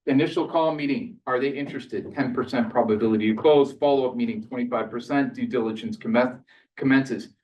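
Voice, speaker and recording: A man's voice: medium pitch, brisk, darkish tone, dull audio, slight background noise. Chatty man speaking in a roomy hall. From Canada. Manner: chatty storytelling full of "like", acting out both sides of conversations. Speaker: seminar speaker. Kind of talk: live seminar talk. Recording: roomy hall, mic at a distance.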